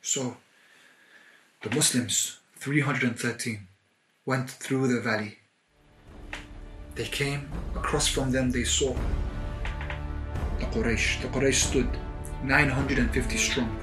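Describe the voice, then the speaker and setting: A man's voice: mid-range voice, steady tone, slow pace, long pauses, echoey room, over music. A man preaching, telling a dramatic story with building intensity and acting out the voices of the people in it. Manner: vivid, building intensity, acts out quoted voices.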